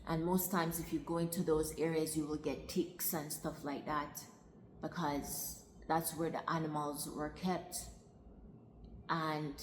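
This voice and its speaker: A woman telling a personal story in a meandering way, with frequent restarts and repetition. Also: sits low. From Jamaica. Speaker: vlogger. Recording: roomy hall with long reverb, faint noise.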